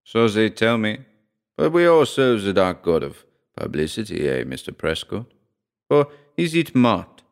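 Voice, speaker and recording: A suave, pale nobleman speaks in a polite, soft and smooth manner, charming but cold, as a male narrator plays him. His voice stays low and controlled in an audiobook horror reading. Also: sing-song, a little slow.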